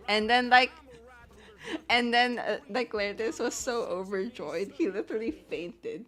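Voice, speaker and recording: A woman's voice: on the high side, a little slow, fairly bright tone. A young woman chatting casually at her computer, rambling and giggling as she swears and fills her talk with "like" and "you know.". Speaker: animator. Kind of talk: casual chat while sharing her screen.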